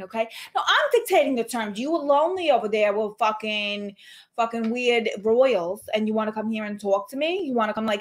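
A brash, foul-mouthed young esthetician played by a woman with a thick Queens accent. She talks loudly, peppers everything with "like" and curses, set a touch higher than average. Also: natural voice. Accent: New York, Queens. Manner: loud, swearing, says "like" constantly.

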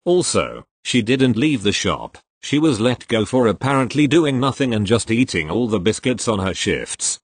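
A man reading online posts aloud as storytelling, in a wry, expressive manner. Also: lowish voice, breathy edge, no echo.

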